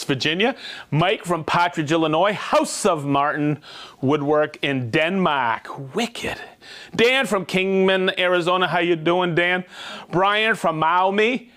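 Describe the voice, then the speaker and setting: A man hosting a livestream, reading out viewer shout-outs in an upbeat, jokey way. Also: sits high. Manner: upbeat, jokey, rattling off names and places. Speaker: livestream host.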